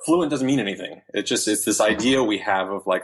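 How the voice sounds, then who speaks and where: A man's voice: fairly low pitch, fairly quick, slightly rough. A man in his thirties, a podcast guest, telling stories in casual chat with lots of fillers and restarts. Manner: animated storytelling with many fillers and restarts.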